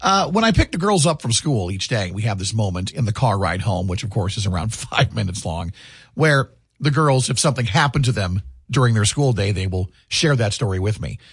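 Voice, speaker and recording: A middle-aged man hosting a morning radio show, telling stories in an animated way into a studio mic. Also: fairly low pitch, fairly quick, breathy edge, no echo. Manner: animated storyteller. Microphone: studio microphone.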